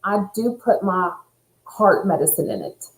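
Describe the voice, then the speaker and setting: A woman who is a nurse and spiritual coach, talking in an earnest, animated way in casual conversation. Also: on the low side, unhurried, reverberant, poor audio. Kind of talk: casual chat.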